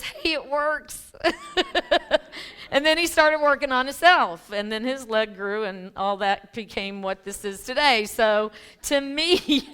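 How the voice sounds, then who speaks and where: A woman's voice: fairly high pitch, a bit bright, smooth. A middle-aged woman minister giving a casual, conversational sermon in church, with laughing asides and frequent ums and restarts. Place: church sanctuary.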